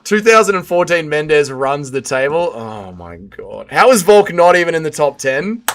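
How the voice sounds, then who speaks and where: A man's voice: on the high side, expressive, normal speed, fairly bright tone. A young man hosting a casual livestream, reading chat aloud, swearing often and swinging between heated rants and mumbled apologies.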